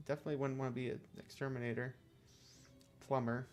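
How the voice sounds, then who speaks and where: Casting: young guy streamer, loose rambly chat, mid-pitched, lots of fillers. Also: steady tone, normal speed, faint music behind. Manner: rambling, filler-heavy, self-deprecating. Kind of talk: casual gameplay commentary.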